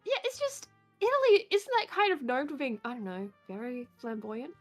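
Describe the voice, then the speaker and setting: A woman's voice: high-pitched, wildly swooping pitch, normal speed, faint music behind. A woman co-hosting a casual livestream chat, talking bluntly and profanely with hesitant rambling.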